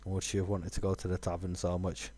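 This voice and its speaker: A man's voice: deep voice, monotone, fast talker, mellow, no room sound. A man, musing aloud with fillers while streaming a game. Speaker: gaming streamer. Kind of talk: casual let's-play commentary.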